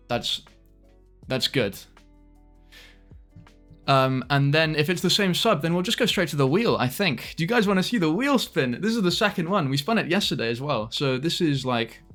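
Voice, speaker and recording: A man's voice: a little high, lively intonation, normal speed, fairly bright tone, soft background music. A young British man streaming live, chatting casually to viewers, greeting them by name, laughing often and trailing off mid-sentence.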